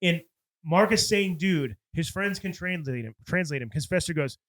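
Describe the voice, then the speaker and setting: A man's voice: high-pitched, animated, normal speed, fairly bright tone. A man co-hosting a movie podcast, casually retelling scenes and quoting the characters. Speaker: podcast co-host. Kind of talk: casual chat.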